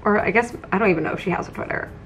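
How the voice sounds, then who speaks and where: A woman's voice: mid-range voice, racing, fairly bright tone, faint music behind. A young woman talking casually to her vlog viewers from her home office. She is chatty, fills her talk with "like" and "um", and says she is tired. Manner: chatty, lots of "like" and "um". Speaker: vlogger.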